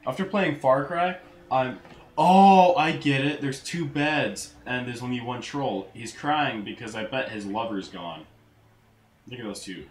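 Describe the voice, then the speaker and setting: A man giving casual gameplay commentary, crude and full of swearing, with sudden loud outbursts. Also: mid-range voice, unhurried. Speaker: let's play gamer. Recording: roomy echo, faint noise.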